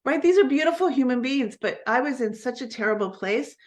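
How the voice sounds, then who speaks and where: A woman's voice: high voice, lively intonation, a little fast. A woman who coaches network marketers, telling a personal story on a live stream in a candid, earnest way, often restarting her sentences.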